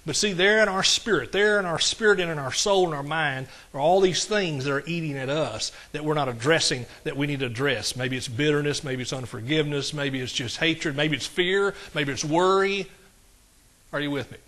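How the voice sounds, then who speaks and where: The sermon comes from a drawling male pastor whose delivery is relaxed and folksy, punctuated by frequent quick asides to the congregation. His voice rings bright and slightly high.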